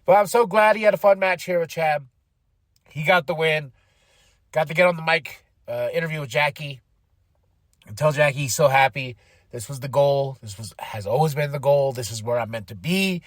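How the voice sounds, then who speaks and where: A man hosting a podcast, casually recapping events with animated energy, laughing often and acting out quotes. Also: on the high side, normal speed, no echo, studio quality. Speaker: podcast host.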